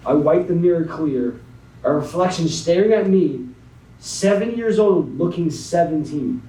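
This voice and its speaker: A young man as a guest speaker, slowly and dramatically reading a spoken word poem, then talking to a young audience. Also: on the high side, lively intonation, dark tone. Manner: slow, dramatic poetry reading. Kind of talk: spoken word poetry then motivational talk. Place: conference hall. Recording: echoey hall, mic at a distance.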